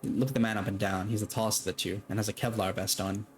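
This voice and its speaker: A man narrating a tabletop game as game master, casual and quick to laugh. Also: on the low side, flat delivery, soft background music. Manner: casual, laughing, swears freely.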